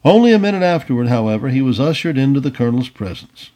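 A man narrating an old adventure story aloud in an expressive storybook reading. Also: mid-range voice, fast talker. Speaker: audiobook reader.

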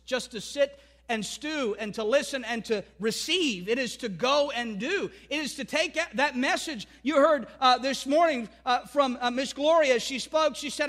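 A man's voice: very high-pitched, sharp tone. A man preaching a sermon as pastor, building his points through emphatic repeated declarations.

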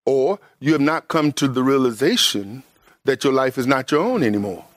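A man preaching a sermon to his congregation, emphatic and conversational, with everyday vernacular, often jumping up high in pitch to stress a point. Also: lively intonation, moderate pace, no echo.

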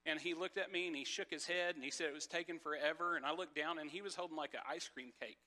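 A man's voice: fairly high pitch, fairly even intonation, quick pace, bright, forceful tone. A man preaching a casual sermon, telling a personal story with many fillers and restarts. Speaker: pastor.

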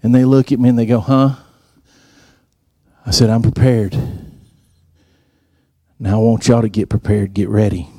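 A man's voice: little pitch movement, normal speed, pauses often, warm tone, slightly rough, no echo, clean studio sound. A man giving a sermon, telling stories and acting out the dialogue. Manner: storytelling, acts out quoted dialogue in a higher voice. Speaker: preacher.

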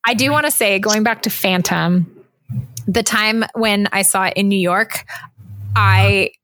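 A woman co-hosting a podcast, telling stories in a casual, animated way with many restarts and laughs. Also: medium pitch, measured pace, dry recording. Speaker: podcast co-host. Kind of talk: casual chat.

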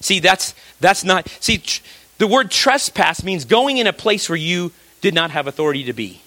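Bright-voiced man preaching a sermon. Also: animated, moderate pace, no echo. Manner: conversational preaching, restarts, rhetorical questions, drops low for emphasis. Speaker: pastor.

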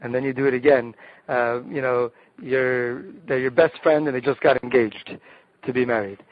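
In a dry, dull lo-fi recording, a man with a medium-pitched voice speaks at a moderate pace with fairly even intonation. He's a rabbi appearing as a guest, eagerly walking through group games one step at a time and often starting his sentences over.

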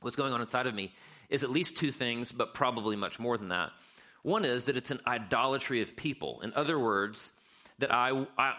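A middle-aged man preaching a sermon in a conversational way, lively when he tells stories. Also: medium pitch. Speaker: pastor.

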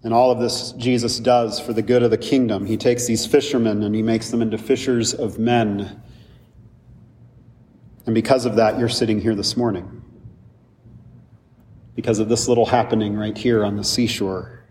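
A man's voice: lowish voice, flat delivery, moderate pace, pauses often, darkish tone, slight background noise. A male pastor preaching a sermon in a conversational, lightly humorous way, with asides to the congregation. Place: church sanctuary. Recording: distant mic with long hall reverb.

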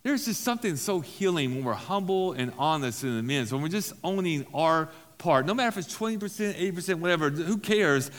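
Speaking fairly quickly with few pauses, this man has a voice on the high side and an animated delivery, and he sounds like he's in a large hall. He is a pastor at a recovery-group meeting in a church hall, preaching in a relaxed way while repeating key phrases and making self-deprecating remarks.

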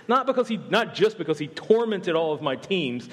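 Joking Southern pastor in a reverberant church. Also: male voice, sits high, very animated, normal speed, hardly any pauses. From American South. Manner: joking, conversational, self-deprecating. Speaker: campus pastor. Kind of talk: humorous sermon. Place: church sanctuary.

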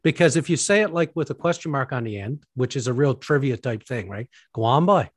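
A man's voice: medium pitch, animated, fairly quick, slightly rough, dry recording. A man hosting a casual podcast chat with his brother, jovial and self-mocking, laughing often. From Newfoundland. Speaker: podcast host; preacher.

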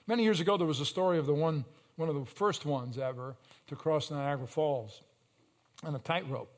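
Storytelling preacher man, fairly high voice. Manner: storytelling preacher with sudden loud surges and slow emphatic phrases. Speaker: pastor. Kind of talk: sermon.

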